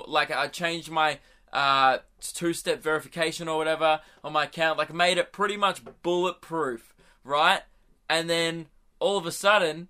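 A young man hosts a podcast in a loose, rambling way, chuckling at his own jokes. His voice sits a little high and sounds bright and lively. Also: clear, resonant tone. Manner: rambling, self-amused, laughs at own jokes. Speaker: podcast host. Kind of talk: casual storytelling monologue.

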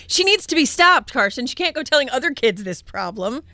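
A woman co-hosting a morning radio show, blunt and quick to react. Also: high-pitched, big pitch swings, bright, forceful tone, a little hiss or hum. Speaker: radio co-host.

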